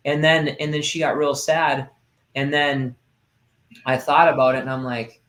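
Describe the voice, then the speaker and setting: A man's voice: fairly high pitch, little pitch movement, moderate pace, fairly bright tone. A man in his thirties talking casually in a podcast conversation, rambling with lots of fillers and restarts. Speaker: podcast host. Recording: roomy echo.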